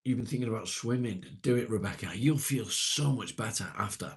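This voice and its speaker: Middle-aged man, very low voice, relaxed live-stream host. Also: fairly quick, gravelly. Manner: relaxed, chatty, reassuring with viewers. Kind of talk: casual live stream chat with viewers.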